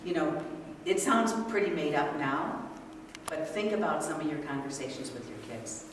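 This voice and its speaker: Brief: older woman workshop speaker, lowish voice, lively with the audience, distant mic in a big echoey hall. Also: moderate pace. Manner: animated, asks the audience questions. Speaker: speaker leading a parent workshop. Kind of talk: interactive talk to an audience. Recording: echoey hall from far off, noisy.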